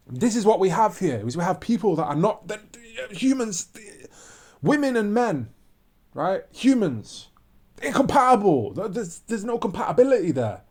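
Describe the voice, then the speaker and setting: A man's voice: high-pitched, a little mellow. A man ranting to camera in a preachy monologue, repeating his points with emphasis. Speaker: vlogger.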